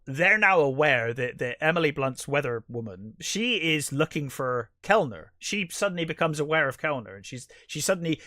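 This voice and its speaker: A man's voice: a little high, bright, forceful tone, no echo, studio quality. A man co-hosting a podcast, giving a casual, rambling film review that turns bluntly critical and exasperated. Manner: rambling, restarts mid-sentence. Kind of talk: casual movie review chat.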